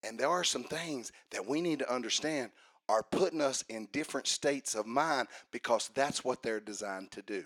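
A man preaching a fiery sermon, swinging from hushed asides to shouted emphasis. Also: medium pitch, normal speed.

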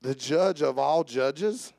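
A man preaching a sermon. He jokes with the congregation and swings from soft asides to raised calls. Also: a little high, animated, slow, vocal fry, dry recording, clean studio sound. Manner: joking with the congregation. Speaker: pastor. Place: church service with instrument behind.

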